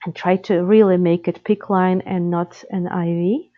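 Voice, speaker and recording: A woman's voice: on the low side, fairly even intonation, a little slow, no echo. A woman who grew up speaking Russian leads a live interpreter-training webinar, talking through skills in a practical way, with many fillers and self-corrections along the way. Her voice comes through dull and lo-fi, as typical webinar audio. The sound is dry, with no room around it. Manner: instructive, practical, with frequent fillers and restarts.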